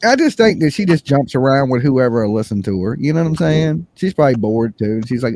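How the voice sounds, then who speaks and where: A man hosting a casual livestream chat, slangy and animated, mimicking other people's voices as he talks. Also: mid-range voice, fast talker. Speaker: livestream host. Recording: faint background noise.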